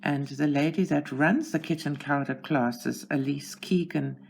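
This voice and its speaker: Slow, gravelly South African woman. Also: sits low, fairly even intonation, a little mellow, slight background noise. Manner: chatty, self-deprecating, talks to herself while working. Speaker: channel host. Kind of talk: casual narration while coloring. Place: at home.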